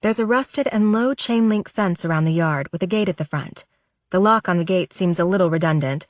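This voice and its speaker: A woman narrating a novel in the first person, measured, soft and reflective, at a close studio microphone. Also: lowish voice, dry recording. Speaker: audiobook narrator.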